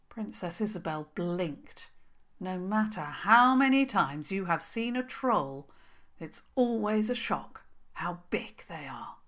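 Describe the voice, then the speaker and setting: A woman narrating a children's story, slow and expressive. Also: medium pitch.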